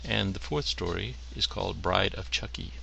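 A man reads short stories aloud in a dry, deadpan storyteller's manner. His voice sits very low and is heavily gravelly, with a bright, forceful edge. A faint hiss of background noise runs underneath. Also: normal speed, poor audio. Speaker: story reader.

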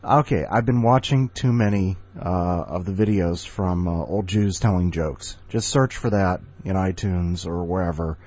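A man's voice: sits low, normal speed, few pauses, a little mellow, dull audio. A man hosting a podcast in a jokey, casual way, full of silly asides. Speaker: podcast host. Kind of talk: playful casual chat.

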